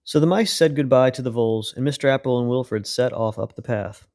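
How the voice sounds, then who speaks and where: A man hosting a podcast, reading a children's storybook aloud in a calm, unhurried way. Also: mid-range voice. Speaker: podcast host and reader.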